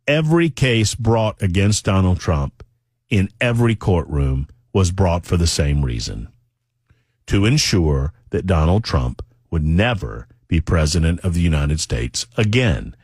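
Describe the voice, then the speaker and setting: A man's voice: deep voice, big pitch swings, a little slow, a little mellow, husky, dry recording, clean studio sound. Emphatic talk radio man. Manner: emphatic and sarcastic, addressing listeners directly. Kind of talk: opinionated political talk radio monologue. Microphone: studio microphone.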